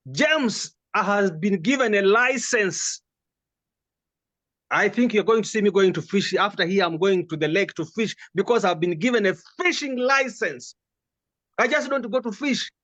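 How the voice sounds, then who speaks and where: Emphatic high-voiced Ugandan man. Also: unhurried, fairly bright tone. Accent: Ugandan English. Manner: emphatic, with stacked rhetorical questions. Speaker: guest commentator. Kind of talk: impassioned political commentary.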